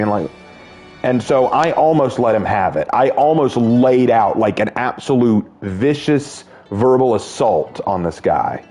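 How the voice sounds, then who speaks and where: A man's voice: medium pitch, expressive, normal speed, a little mellow, faint music behind. An American man telling a long story to his viewers while playing a game, earnest and rambling, often restarting his sentences. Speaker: gaming YouTuber.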